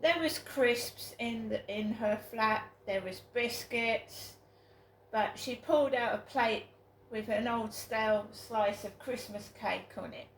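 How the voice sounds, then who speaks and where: Slow, gravelly British woman vlogging. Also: on the high side. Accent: British English. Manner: aggrieved, rambling, repeats herself for emphasis. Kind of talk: casual vlog monologue. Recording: echoey room with faint ambient noise.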